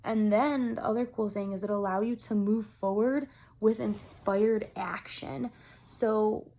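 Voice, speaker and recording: A woman's voice: mid-range voice, measured pace. A woman vlogger talking casually to camera in a chatty, upbeat way, with many fillers like "like" and "um". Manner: earnest, animated storytelling.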